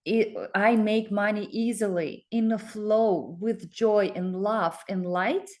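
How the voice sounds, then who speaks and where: Excited rambling woman coach. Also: mid-range voice, takes it slowly. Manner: excited, rambling, with many fillers and restarts. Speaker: coach promoting a focus group. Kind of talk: casual self-promotional talk with screen share.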